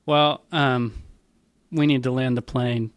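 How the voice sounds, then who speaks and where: A man's voice: medium pitch, fairly even intonation, slow pace, dry recording. A young man hosting a podcast, talking in thoughtful, earnest reflections as a father of young kids. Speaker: podcast host. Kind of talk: reflective conversational interview.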